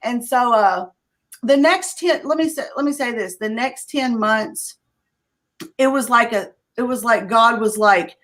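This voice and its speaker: A woman's voice: on the high side, measured pace, a bit bright. A middle-aged woman, giving a blunt, candid personal recovery testimony as an interview guest. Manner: candid, conversational, blunt with profanity.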